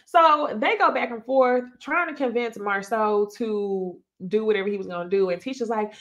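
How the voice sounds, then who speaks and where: A woman hosting a live reality TV recap, chatting casually to her viewers in slang with lively asides. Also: on the high side, moderate pace, few pauses, dull audio. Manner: chatty and animated, talks straight to viewers with slang and laughs.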